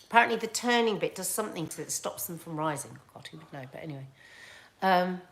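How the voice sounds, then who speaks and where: A woman's voice: lowish voice, lively intonation, quick pace, fairly bright tone. A woman chatting casually to camera as a vlogger, rambling with fillers and laughs.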